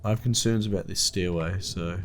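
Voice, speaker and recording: A man's voice: sits low, fairly even intonation, brisk, background noise. A young Australian man giving casual, swear-laden commentary while playing a strategy game, talking bluntly to the screen. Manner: swears freely, blunt and chatty, mutters to the game. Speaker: gameplay video host.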